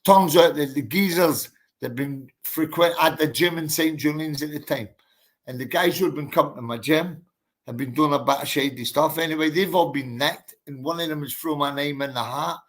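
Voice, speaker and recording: A man's voice: a little high, normal speed. A man, a boxer telling his story in a casual interview, blunt and emphatic, swearing and calling the listener mate and bro.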